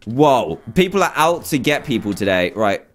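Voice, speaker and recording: A young man commentating live on his own gameplay, excitable and quick to exclaim, often repeating himself. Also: medium pitch. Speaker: gaming YouTuber.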